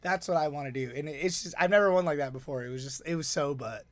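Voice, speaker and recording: A man giving a casual, excitable, rambling breakdown of the games he played as tournament organizer. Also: on the high side, no room sound. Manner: excitable, rambling, quick asides.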